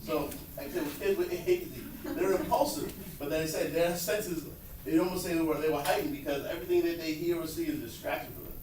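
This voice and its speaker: A man giving a lively talk to educators about students with ADHD, acting out what kids say, recorded from far off in an echoey, noisy room. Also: on the high side. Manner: fast, animated, acts out quotes. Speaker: speaker at a workshop on students with ADHD.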